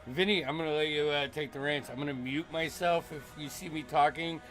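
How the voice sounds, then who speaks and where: A man's voice: a little high, steady tone, fairly quick, fairly bright tone, soft background music. A man hosting a tabletop game stream, chatting casually and joking loosely before play starts. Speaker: stream host and player. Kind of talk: casual chat.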